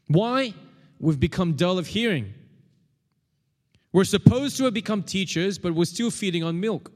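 Guy preaching, kinda high voice, keeps repeating stuff and gets everyone to say it back, big echoey hall. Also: expressive, normal speed. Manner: emphatic, repeats key phrases, leads congregation responses. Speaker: pastor. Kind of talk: sermon.

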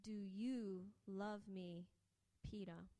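A woman voicing a calm male teacher who asks questions slowly and earnestly. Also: full character voice. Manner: slow, lowered, earnest questioning. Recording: echoey hall.

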